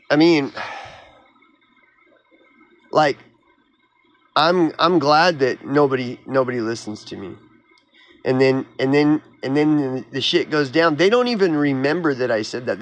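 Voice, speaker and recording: A man from Oklahoma rants straight to his viewers in a vlog, his tone sarcastic and mocking. He sounds heated and exasperated, and his speaking voice sits at a middling pitch. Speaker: YouTuber. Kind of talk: ranting vlog monologue.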